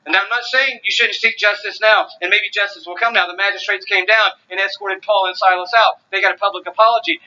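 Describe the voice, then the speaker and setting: A man's voice: sits high, bright, forceful tone, lo-fi sound. A man preaching a sermon, emphatic and driving, repeating phrases for stress. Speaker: pastor.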